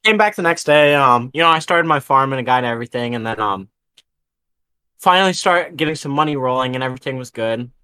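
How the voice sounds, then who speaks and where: Bright-voiced young man telling a story. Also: mid-range voice, animated, fairly quick, smooth, dry recording. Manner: rambling storyteller, swears freely. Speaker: podcast co-host. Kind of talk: casual chat.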